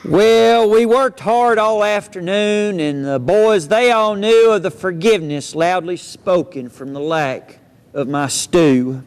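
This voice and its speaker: A man's voice: high-pitched, slow, clean tone. A man, a cowboy storyteller reciting poems and tales for children in a folksy, playful drawl. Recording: long hall reverb.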